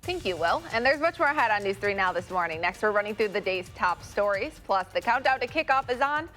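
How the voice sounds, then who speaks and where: A woman presents morning TV news in a clear, scripted anchor delivery at a mid-range pitch. Faint music sits under her voice. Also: animated, a little fast, a bit bright.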